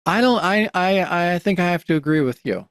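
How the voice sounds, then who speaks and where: A man's voice: high voice, expressive, normal speed, smooth, dry recording, clean studio sound. Rambling male comics podcast co-host. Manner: rambling, with many restarts and fillers. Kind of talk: casual chat about comics.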